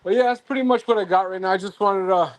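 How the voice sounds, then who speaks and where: A man's voice: high voice, fast talker, dry recording. A man hosting a live stream in a casual chat, rambling and trailing off mid-thought. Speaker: stream host.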